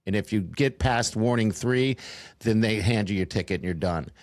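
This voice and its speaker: A man's voice: fairly low pitch, normal speed, dry recording. A man co-hosting a podcast, chatting casually and rambling with fillers, laughing often. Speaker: podcast co-host. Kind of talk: casual chat.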